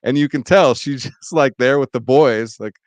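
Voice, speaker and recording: Man, podcast host, smooth resonant voice, reflective storyteller, dry close sound. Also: mid-range voice, normal speed, dry recording. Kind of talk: casual chat.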